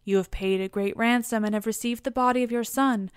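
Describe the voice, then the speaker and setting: A woman's voice: on the high side, fairly even intonation, fairly quick, clean tone, dry recording, studio quality, close to an everyday voice. A woman voicing a male messenger god earnestly warning an old king, in a storybook reading.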